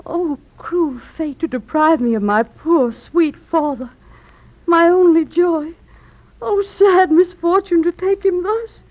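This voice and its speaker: An actress playing an earnest young daughter who speaks in a tearful, pleading way, in vintage stage-play style. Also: female voice, high-pitched, a little slow, no room sound. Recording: muffled lo-fi old recording.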